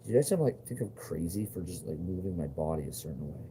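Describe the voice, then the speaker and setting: A man's voice: low voice, lively intonation, fast, warm tone, slight background noise. A man talking straight to his viewers in a rambling monologue, agitated and profane, full of fillers and repeated questions.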